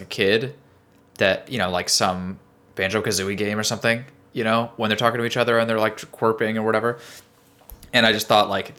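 A man's voice: deep voice, sharp tone. A man in a casual game discussion, weighing his views thoughtfully. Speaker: podcast panelist.

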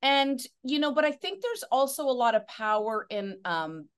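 A woman hosting a casual interview, effusive and encouraging toward her guest, with quick asides. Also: high voice, very animated, smooth. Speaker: interview host.

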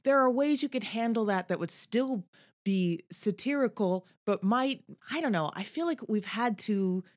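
A woman in her forties co-hosting a podcast, chatty and quick to laugh. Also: a little high, animated, dry recording, studio quality. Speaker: podcast co-host. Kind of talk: casual chat.

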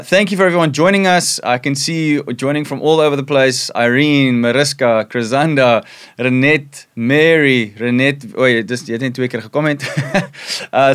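A man's voice: medium pitch, clear, resonant tone. Upbeat South African man hosting. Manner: upbeat, friendly. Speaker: host of an online church broadcast. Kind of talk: livestream hosting.

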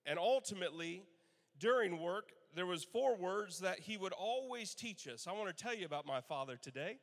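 A man in his thirties, a pastor telling Father's Day stories in a sermon, animated and laughing as he acts out quotes. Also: sits high, normal speed. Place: church sanctuary. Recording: long church hall reverb.

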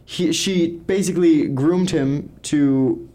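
A man's voice: a little high, takes it slowly, warm tone. Rambling, swearing young male podcaster. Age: young adult. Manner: rambling storyteller, swears freely. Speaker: podcast co-host. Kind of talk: casual podcast chat.

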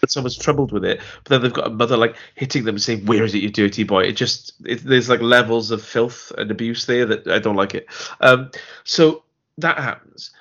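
A man's voice: mid-range voice, moderate pace, a bit bright, dull audio. A man co-hosting a podcast, chatting casually about a TV series, rambling with restarts and acting out lines. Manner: rambling, restarts often, acts out quoted lines. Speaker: podcast co-host. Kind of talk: casual chat reviewing a TV series.

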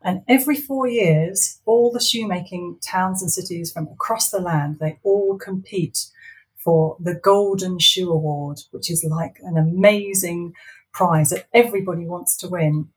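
A woman author reads her own story in an animated, playful storyteller's manner, then chats casually about it with fillers and laughter in her talk. Her voice sits a little low. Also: unhurried, rough recording. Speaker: children's author. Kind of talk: reading her story aloud and chatting.

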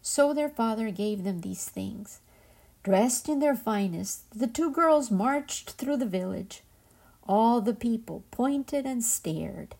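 Gentle, slow woman storyteller. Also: on the high side, animated, gravelly. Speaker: podcast host and storyteller.

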